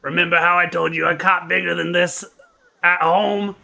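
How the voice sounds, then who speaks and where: A man's voice: on the high side, slow, bright, forceful tone, voice pushed up, full character voice. A man voicing a boastful, brash male fisherman adventurer in a tabletop game, delivering his lines with swagger.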